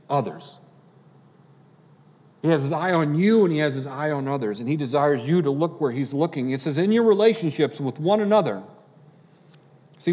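A man preaching a sermon as pastor, earnest, building to impassioned peaks and then dropping quiet. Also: on the high side. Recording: long hall reverb.

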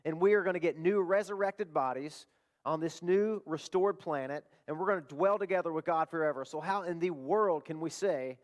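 A man preaching a sermon as pastor, his voice rising on bold declarations and dropping soft and low for prayer. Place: church service.

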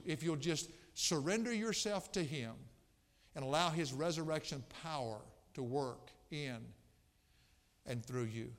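A man preaching a fervent sermon, rising almost to shouts on key phrases. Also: a little high. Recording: echoey hall reverb.

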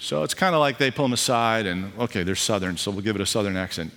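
A man, a pastor, preaching a sermon in a lively, conversational way with casual asides and jokes. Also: mid-range voice, fast talker, few pauses. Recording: long reverb of a hall.

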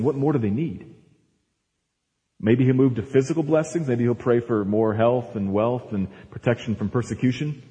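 A man's voice: mid-range voice, mellow. A man preaching a Sunday sermon as pastor, emphatic and repeating words for stress as he explains scripture verse by verse. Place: church sanctuary. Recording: long hall reverb.

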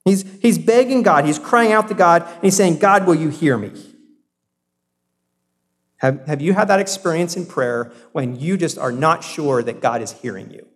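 A man's voice: on the high side, lively intonation, moderate pace, few pauses. A man from South Carolina preaching a sermon as a pastor, earnest and conversational, full of rhetorical questions and restarts. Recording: long hall reverb.

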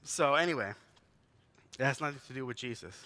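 Bright-voiced man in his forties preaching. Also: mid-range voice, expressive, a little fast. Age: 40s. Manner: conversational, storytelling, asks the congregation questions. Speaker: pastor. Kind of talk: sermon.

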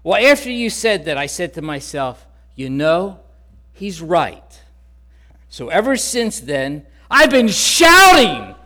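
A man preacher voicing an overjoyed elderly woman of seventy-five in a sermon story, excited and loud. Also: a little high, takes it slowly.

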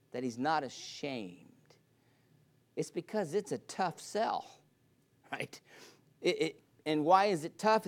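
Emphatic male preacher. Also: fairly high pitch. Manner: emphatic, repetitive preaching cadence. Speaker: pastor. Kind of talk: sermon.

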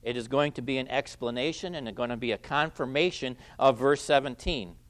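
Emphatic preacher man, mid-pitched. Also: brisk. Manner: emphatic, repeats key phrases, swings between loud stresses and quiet endings. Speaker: pastor. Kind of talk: expository sermon.

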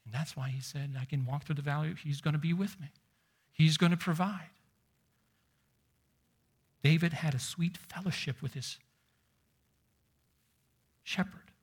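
A man preaching a sermon, emphatic, slowing down and dropping to a near whisper to stress points. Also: a little high, steady tone, husky.

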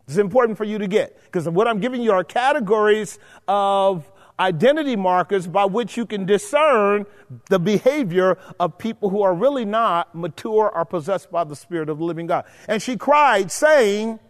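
A man's voice: high-pitched, in a large hall. A man teaching a Bible study in preaching style, emphatic, repeating his points and checking in with his listeners.

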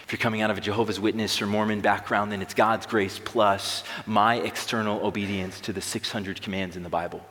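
A man's voice: lowish voice, little pitch movement, a little fast, few pauses, fairly bright tone. A young man preaching a sermon to a large room, emphatic and building intensity on key phrases. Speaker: pastor. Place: large room with long reverb. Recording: echoey hall reverb.

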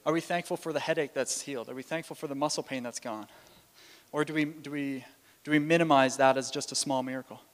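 Delivering his sermon through casual storytelling, a preacher keeps restarting and leaning on fillers. He speaks quickly at medium pitch with fairly even intonation, echoed by a long hall reverb.

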